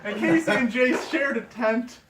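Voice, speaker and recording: A man telling a funny story to a group of friends, animated and laughing often as he acts out the people in it. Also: very high voice, normal speed, very noisy. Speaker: friend giving a toast. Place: indoor room with a gathering of friends. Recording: echoey room, voice from far off, chatter behind.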